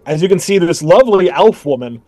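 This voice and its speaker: High-voiced, rambling game master. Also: male voice, expressive, fairly quick, darkish tone, no room sound. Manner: rambling, self-correcting with fillers. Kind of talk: narrating a tabletop game.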